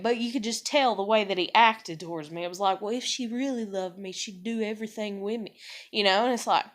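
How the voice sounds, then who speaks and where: Venting to camera about being taken for granted, a middle-aged woman with a high-pitched voice rants bluntly and profanely. She's a parent airing grievances about relationships in a casual, heated vlog, acting out the exchanges she quotes.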